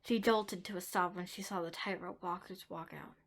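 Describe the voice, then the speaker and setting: A woman's voice: lowish voice, fairly even intonation, normal speed, gravelly, background noise. Woman narrating a story, dropping to whispers. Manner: dramatic, shifting between whispers and emphasis.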